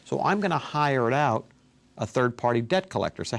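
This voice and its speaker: A man's voice: mid-range voice, expressive, fairly quick, vocal fry. A man, a consumer law attorney, explaining a legal question to viewers in a conversational way and walking through examples. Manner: conversational, walks through examples, addresses folks.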